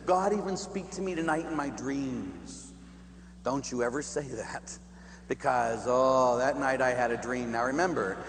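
A man from Pittsburgh, a Catholic priest, telling a humorous, animated personal story in a sermon, often laughing and adding "huh?". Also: mid-range voice. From Pittsburgh, United States. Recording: echoey hall, faint hum.

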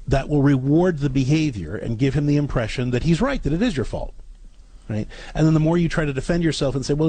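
A man with a slightly husky, breathy voice hosts an advice show and coaches a caller in a steady, explanatory way. He repeats his phrases and acts out sample lines for her. The sound is close and dry, with no room around it. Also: mid-range voice, no room sound. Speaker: radio advice host.

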